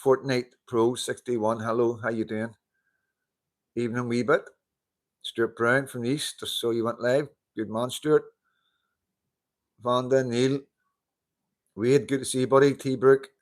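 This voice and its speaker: A man's voice: medium pitch, level tone, unhurried, pauses often. A man hosting a casual live-stream chat, greeting viewers, laughing often and swearing casually into a handheld mic. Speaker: livestream host. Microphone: handheld wireless mic.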